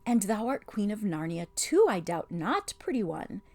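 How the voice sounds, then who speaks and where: A woman voicing a sweet-voiced witch queen who speaks softly, soothing and half-mocking. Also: mid-range voice, very animated, unhurried, no room sound. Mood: coaxing.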